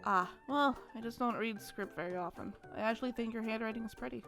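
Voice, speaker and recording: A woman hosting a let's play, reading a visual novel aloud in a dry, low-key way with wry asides. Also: a little fast, hardly any pauses, fairly bright tone, faint music behind.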